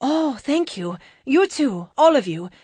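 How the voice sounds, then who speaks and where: A kind, humble policewoman speaks in careful, formal phrasing, as a woman voices her. Her voice sits a little higher than the narration, close and dry. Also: very animated, takes it slowly, darkish tone, no room sound, exaggerated voice. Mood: polite. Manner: polite and formal.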